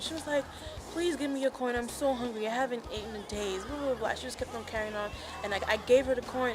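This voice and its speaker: A young woman chatting casually and telling of her own experience, full of fillers like "like" and "um". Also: fairly high pitch. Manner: chatty, lots of "like" and "um". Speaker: interviewee. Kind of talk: casual personal account. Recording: music playing underneath.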